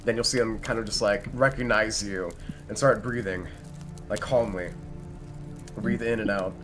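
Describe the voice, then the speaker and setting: A man's voice: fairly low pitch, steady tone, moderate pace, fairly bright tone, faint music behind. A man describing his character's actions in a tabletop game, rambling with many fillers. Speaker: player.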